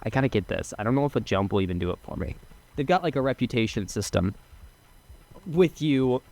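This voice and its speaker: A young man narrating his own gameplay in a loose, chatty way. His voice sits in an ordinary middle pitch, and he jumps between excited outbursts and muttered asides, with frequent swearing and laughter. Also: brisk, gravelly. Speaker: gaming streamer. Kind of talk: casual let's-play commentary.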